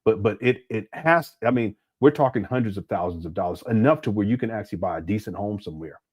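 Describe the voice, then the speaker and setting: A man hosting a casual live-stream commentary, talking in a rambling, animated way with frequent restarts and crude language. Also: fairly low pitch, quick pace, breathy edge. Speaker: commentary channel host.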